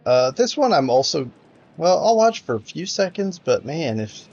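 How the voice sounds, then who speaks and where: A man's voice: a little high, big pitch swings, normal speed, a little mellow, highs cut off. A man casually commentating a strategy game, hesitant and frustrated, with many fillers and restarts. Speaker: gameplay commentator.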